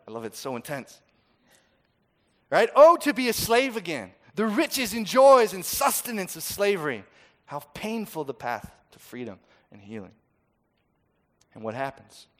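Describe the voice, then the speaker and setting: A man preaching a sermon, swinging from loud, dramatic quoting to soft, intimate asides. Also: medium pitch.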